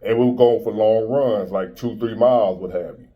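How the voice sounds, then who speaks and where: A man's voice: fairly low pitch, moderate pace, dull audio. A man in his fifties giving a blunt, preachy motivational monologue in street-style talk. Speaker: motivational speaker.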